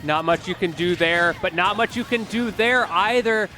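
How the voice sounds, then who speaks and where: A man's voice: sits high, normal speed, pushed and bright, soft background music. A man commentating a fighting game tournament, chatty and explanatory, breaking down plays and talking to the chat. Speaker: esports commentator. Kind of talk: casual analytical commentary.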